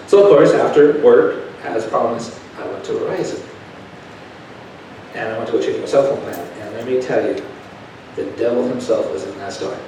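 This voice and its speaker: A man preaching to his church, spinning a folksy story that swells from hushed asides to loud, emphatic telling. His mid-pitched voice sits at a distance from the mic, with a faint hiss under it. The sound is very roomy, ringing around the sanctuary. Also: brisk. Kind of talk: storytelling sermon. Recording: echoey church room heard from a distance.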